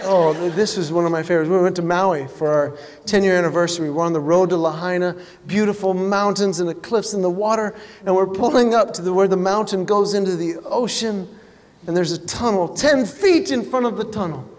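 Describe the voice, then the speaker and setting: A man's voice: high voice, a little fast, a little mellow, long reverb tail. A middle-aged man performing a stand-up comedy routine, telling stories and jumping into exaggerated voices for punchlines.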